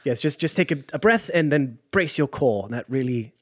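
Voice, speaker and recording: A man's voice: mid-range voice, lively intonation, a little fast. A man playing in a tabletop game, handing out jokey advice in casual chat. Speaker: player.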